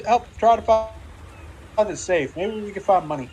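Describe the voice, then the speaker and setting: A man playing a tabletop game in an excitable, chatty way. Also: high voice, normal speed, breathy edge, lo-fi sound. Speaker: player. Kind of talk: casual tabletop game play.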